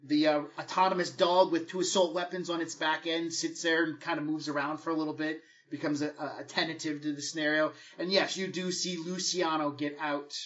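A man narrating as game master in a relaxed, rambling way. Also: fairly high pitch, a little fast, hardly any pauses. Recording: dull lo-fi recording.

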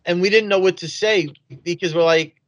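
Podcast cohost guy, kinda high voice, laid back, laughs while telling stories. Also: a little fast, no room sound, highs cut off. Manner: easygoing anecdote teller, laughs at his own stories. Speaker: podcast co-host. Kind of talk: casual podcast chat.

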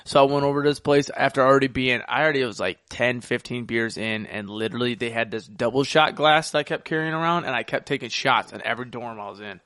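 A young man co-hosting a podcast, telling crude party stories in casual chat and acting out quotes loudly. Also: mid-range voice, quick pace, hardly any pauses, no room sound, studio quality. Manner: crude storytelling with loud acted-out quotes. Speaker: podcast co-host.

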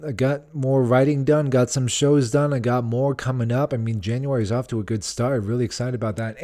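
A man's voice: medium pitch, darkish tone. A man hosting a solo comedy podcast, ranting sarcastically and slipping into mocking impressions. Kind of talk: casual solo podcast monologue. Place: Nashville.

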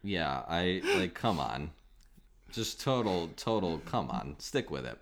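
Low-voiced man in wry chat. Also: sing-song, takes it slowly, fairly bright tone. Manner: wry, sarcastic movie critique. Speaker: podcast host. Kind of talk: casual chat.

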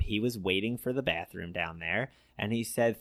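A man's voice: lowish voice, normal speed, dry recording, clean studio sound. A man from Philadelphia, a comedian, telling stories in casual podcast chat and acting out the quotes. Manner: animated storyteller, acts out quotes. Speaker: comedian guest.

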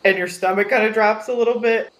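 A woman's voice: fairly high pitch, steady tone, fast talker. A woman guest enthusing about favorite scenes in a casual podcast. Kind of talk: casual chat.

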